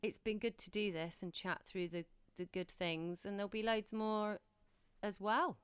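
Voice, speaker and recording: A woman's voice: mid-range voice, steady tone, moderate pace, clean tone, dry recording, studio quality. A woman in her thirties, a podcast co-host, chatting casually and reflectively about motherhood. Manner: chatty, reflective, many restarts. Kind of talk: casual chat.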